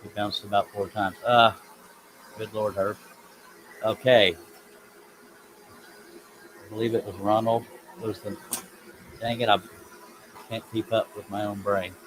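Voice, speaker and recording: A man with a fairly low voice chats loosely through a woodworking live stream, wandering off topic and poking fun at himself as he reads comments out. Clear background noise and buzzing insects sit under his voice in the workshop. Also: little pitch movement, measured pace, long pauses, a bit bright, low-quality recording. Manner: rambling, self-deprecating, reads chat comments aloud. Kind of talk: casual live stream chat while working.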